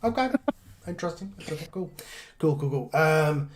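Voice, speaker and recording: A man's voice: a little high, expressive, quick pace. A man with an English accent hosting a casual podcast conversation, thinking aloud with fillers and restarts. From England. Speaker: podcast host. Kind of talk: casual chat.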